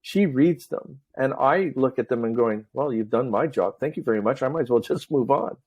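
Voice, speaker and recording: Middle-aged male podcast host, chatty and animated, relaxed conversational delivery. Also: medium pitch, moderate pace, breathy edge. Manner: talkative, animated storyteller. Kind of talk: casual chat.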